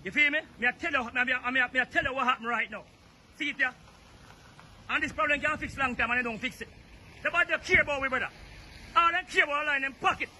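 A man's voice: extremely high pitch, fast, pushed and bright, slight background noise. A Jamaican man complaining outdoors by a flooded road, agitated and repeating himself as he films on his phone. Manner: agitated, repetitive, pointing things out. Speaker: resident filming a local problem. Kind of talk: angry street complaint video.

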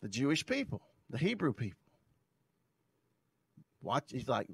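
A male pastor preaching a sermon, reading scripture aloud and explaining it with emphatic swells in loudness. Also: mid-range voice, wildly swooping pitch, a little slow, gravelly, long pauses, slightly rough, dry recording. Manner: loudness rising and falling sharply for emphasis.

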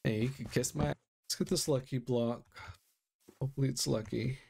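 This young man's mid-range voice is creaky, husky and dark, with fairly even intonation and a moderate pace. A gaming YouTuber, he commentates a Minecraft let's play over game music, frequently gasping and exclaiming because he startles easily.

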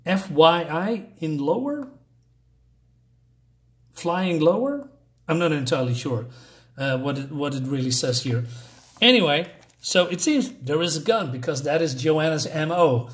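Reading panels out loud in a slightly high voice, a man gives an offhand review of a comic. His talk wanders with frequent fillers and false starts, and he's clearly excited by the art.

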